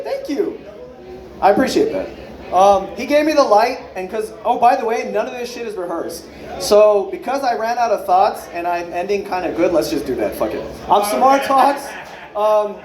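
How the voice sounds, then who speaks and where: Loose, foul-mouthed man doing stand-up in a club. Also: very high-pitched. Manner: loose, rambling, swears a lot, acts out people's lines. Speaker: stand-up comedian. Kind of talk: unrehearsed stand-up set. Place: comedy club stage with a live audience. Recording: echoey club room with crowd. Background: audience laughter.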